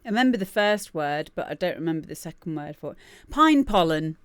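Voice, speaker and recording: A woman's voice: sits low, animated, fast talker, no echo, studio quality. A woman in her thirties hosting a live stream, chatting casually and greeting viewers by name with laughs and rambling asides. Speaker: livestream host.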